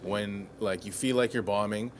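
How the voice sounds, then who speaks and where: A man co-hosting a podcast, asking halting, searching questions in casual chat. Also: on the low side, steady tone, slight background noise. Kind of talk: casual interview.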